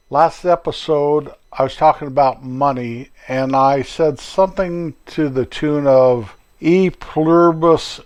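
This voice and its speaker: A man's voice: mid-range voice, a little mellow. An older man, a grandfather, hosting his own podcast in a folksy, rambling, chatty monologue. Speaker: podcast host. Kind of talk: casual solo podcast monologue.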